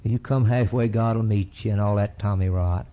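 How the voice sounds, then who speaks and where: An earnest preacher, speaking in a low voice. He drives his sermon with building fervor. The recording is dull and lo-fi. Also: steady tone, fairly quick. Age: 50s. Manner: earnest, rising to an impassioned high pitch at climaxes. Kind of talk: sermon with closing prayer.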